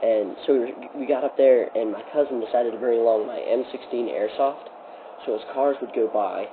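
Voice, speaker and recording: A young man casually telling rambling stories to friends, full of fillers and laughter. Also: fairly low pitch. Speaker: storyteller host. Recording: lo-fi phone-like recording with noise.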